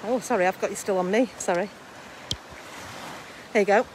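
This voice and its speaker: A woman's voice: mid-range voice, normal speed. A woman chatting on a live-stream while walking along coastal rocks, laughing often. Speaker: vlogger livestreaming a coastal walk. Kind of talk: casual live-stream walk chat. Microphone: phone held while walking. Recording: light outdoor background noise.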